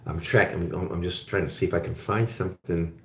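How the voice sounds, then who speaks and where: A low-pitched man from Germany hosts a casual live chat with his viewers. He rambles in a friendly way and restarts his sentences often. His voice rings in a roomy, echoey space. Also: fairly even intonation, a little fast, a bit bright, slight background noise. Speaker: show host.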